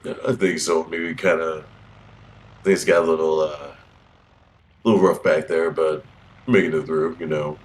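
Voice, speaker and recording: Very deep-voiced hesitant man. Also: steady tone, a little slow, pauses often, rough recording. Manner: hesitant, soft-spoken, trailing off. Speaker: player. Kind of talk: casual tabletop play.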